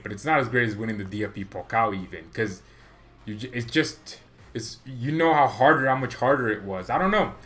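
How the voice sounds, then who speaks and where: Excitable opinionated man in a fan vlog. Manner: rambling, opinionated and excitable, with sudden jumps in pitch and loudness. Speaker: football fan channel host. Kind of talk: casual fan reaction vlog.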